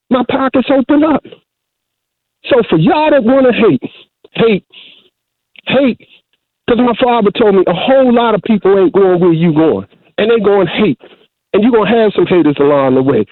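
A man's voice: high voice, no room sound. A middle-aged man calling in to a talk show, preaching with heavy repetition and restarts. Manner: preachy, repeats himself, restarts often. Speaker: caller. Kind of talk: emotional call-in monologue. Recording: tinny phone line.

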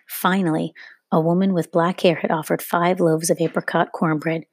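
A woman reading a children's novel aloud at a steady storytelling pace, now and then rereading a slip. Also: lowish voice, normal speed, no echo. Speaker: reader.

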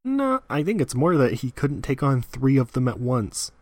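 A man co-hosting a casual podcast, recapping an anime episode in a relaxed way, with lots of "like" and the odd chuckle. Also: mid-range voice, normal speed, no room sound, clean studio sound. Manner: relaxed, fills gaps with "like", chuckles.

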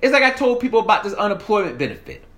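Heated man with a high voice. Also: wildly swooping pitch, very fast, fairly bright tone. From American South. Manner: heated, profane, emphatic. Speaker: political commentator. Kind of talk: ranting monologue.

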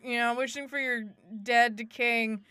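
A woman's voice: a little high, steady tone, bright, forceful tone, clean tone, no echo. A woman voicing a nervous, reluctant husband in a retold ghost story. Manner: halting, reluctant. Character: nervous middle-aged husband, hesitant.

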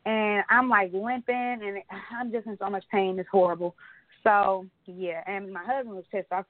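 A woman co-hosting a podcast, telling stories in casual chat, animated and laughing often. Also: medium pitch, normal speed, no echo. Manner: chatty storyteller, animated retellings, frequent laughs. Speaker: podcast co-host. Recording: tinny phone-line sound.

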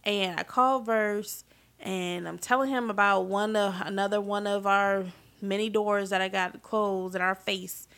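A woman in her thirties tells a personal story in a loose, chatty way. Her voice sits in the middle of the range for a woman. She turns animated and loud when she relives the hard parts. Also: mid-range voice, unhurried. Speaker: vlogger telling a family story. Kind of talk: casual storytelling.

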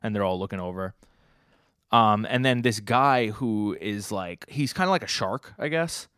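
A man's voice: lowish voice, animated, moderate pace, a bit bright, clear, resonant tone, no room sound, clean studio sound. A young man co-hosting a podcast, casually recapping comic chapters in a loose, rambling way with lots of "like" and self-corrections. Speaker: podcast co-host.

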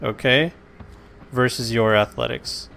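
Brief: laid-back male game master, mid-pitched, loose chatty narration. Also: a little slow, creaky, fairly bright tone. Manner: casual, chatty narration with fillers.

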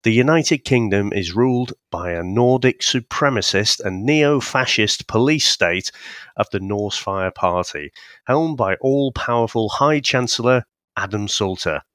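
Low-voiced guy chatting films, halting, bit sweary, dry sound. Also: lively intonation, fairly bright tone, no room sound. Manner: laid-back, halting, casually sweary. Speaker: podcast co-host. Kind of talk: casual film review chat.

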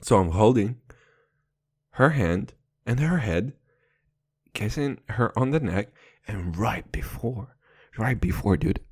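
This young podcast host, a non-native English speaker, delivers a crude comedy rant into a close microphone, full of profanity, playful rambling, and laughter at his own jokes. His voice is on the low side, expressive and slightly rough, and he speaks slowly with frequent pauses.

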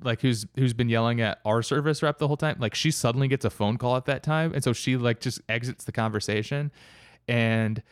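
A man's voice: mid-range voice, fairly quick, smooth, no room sound, clean studio sound. A man telling a travel story in casual chat, rambling with many fillers and restarts.

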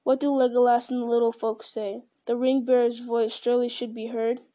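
Lady reading a stern proud warrior guy, wary, mellow voice. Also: a little high, flat delivery, fairly quick, natural voice.

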